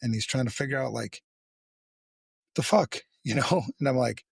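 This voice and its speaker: A man hosting a podcast, talking candidly and bluntly with a lot of swearing and halting restarts. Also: medium pitch, vocal fry, husky, dry recording, clean studio sound. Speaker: podcast host. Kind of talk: candid casual conversation.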